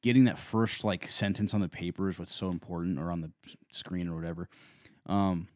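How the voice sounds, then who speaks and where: A man's voice: low voice, fairly quick, a little mellow, dry recording, studio quality. A laid-back man co-hosting a casual podcast chat, full of "dude" and "man". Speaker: podcast co-host.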